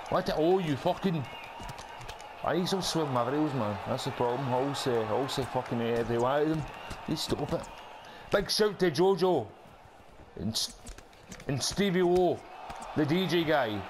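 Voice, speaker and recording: Young Scottish gamer host, brash foul-mouthed trash talk, raised pitch, noisy ambience in the background. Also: male voice, expressive, normal speed, long pauses, crowd noise. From Scotland. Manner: brash, sweary trash talk with bursts of shouting. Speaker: gaming channel host. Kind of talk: casual gameplay commentary.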